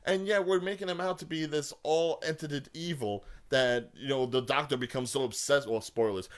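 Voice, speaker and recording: A man co-hosting a casual podcast chat, ranting with big jumps in pitch when worked up. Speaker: podcast co-host.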